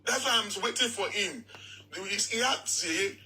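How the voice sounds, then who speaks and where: A man with a Nigerian accent giving animated casual commentary as a vlog co-host, often repeating "yeah.". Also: high voice, moderate pace, a little hiss or hum, low-quality recording.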